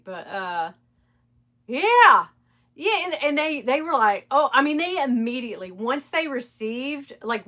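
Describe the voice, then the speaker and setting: A chatty middle-aged woman runs a casual live stream reselling designer bags, her voice bright, forceful, and slightly high. She talks candidly and directly to viewers, swearing freely and laughing often.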